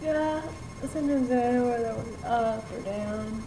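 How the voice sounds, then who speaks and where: A woman's voice: on the high side, moderate pace, background noise. A young woman vlogging at home in casual chat, answering with dry, wry comebacks while she tells their story.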